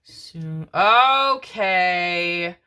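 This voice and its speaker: A woman with a low voice gives a channeled tarot reading. She talks affectionately to her listeners and swears casually. Between messages she murmurs strings of repeated syllables. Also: animated, drawn-out words, pushed and bright, smooth. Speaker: tarot reader.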